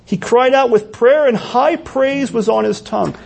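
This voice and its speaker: A man's voice: extremely high pitch, normal speed, creaky, darkish tone, slightly rough. A man preaching a sermon in a church, earnest and full of rhetorical questions. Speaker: pastor.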